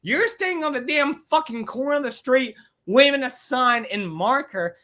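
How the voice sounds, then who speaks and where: A woman's voice: high voice, lively intonation, moderate pace, a bit bright. A woman hosting a livestream podcast, ranting with lots of swearing and repetition. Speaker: podcast host.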